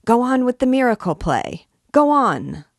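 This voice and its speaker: A woman voicing an eager male poet in a storybook reading, shouting insistently over a crowd. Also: very high voice, big pitch swings, unhurried, voice pushed up, full character voice. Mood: frantic. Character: eager frantic male poet, desperate for attention.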